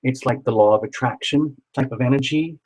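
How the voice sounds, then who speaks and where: A man's voice: medium pitch, brisk, slight background noise, low-quality recording. A man doing a live tarot reading, chatty and encouraging, who repeats words for emphasis. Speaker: tarot reader.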